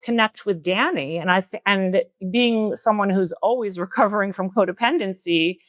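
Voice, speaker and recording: Middle-aged woman yoga teacher, earnest reflective podcast talk, dry close sound, mid pitch. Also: dry recording. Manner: earnest, slows down to stress key words. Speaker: spiritual and yoga teacher, guest speaker. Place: retreat center room.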